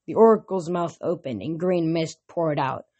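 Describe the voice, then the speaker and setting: A woman reads a novel aloud in a steady, plain manner. Her voice sits low and carries a breathy, husky edge. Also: normal speed, muffled recording. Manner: plain, steady reading with small restarts. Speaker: narrator.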